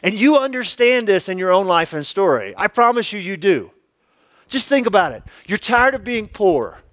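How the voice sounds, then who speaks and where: A pastor with a high-pitched male voice delivers a sermon in an easygoing, joking manner. He keeps asking rhetorical questions and stretches key words for emphasis. The sound is dry and close, with no room echo. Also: sing-song, normal speed, a bit bright.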